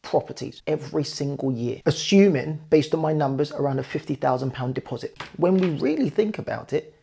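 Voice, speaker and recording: A man's voice: fairly high pitch, lively intonation, brisk, gravelly, mellow, a little hiss or hum. A man, a property investor, earnestly walking viewers through figures and speaking to them directly. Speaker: property investor and channel host. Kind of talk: explanatory talk to camera.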